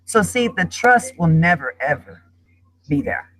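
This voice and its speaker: A woman's voice: fairly low pitch, very animated, a little slow, a bit bright, poor audio. A middle-aged woman speaking as a guest in an emotional panel discussion, talking in an impassioned, emphatic way.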